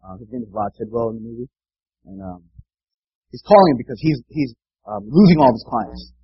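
A man's voice: mid-range voice, big pitch swings, a little fast, vocal fry, slightly rough, dry recording, dull audio. A man preaching a sermon in an earnest way, often repeating words and checking in with the listeners.

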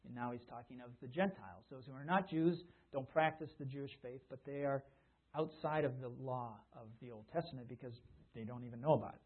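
A man's voice: mid-range voice, a little fast, husky. A man preaching a sermon in a conversational way, often restarting his sentences. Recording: tinny phone-like sound.

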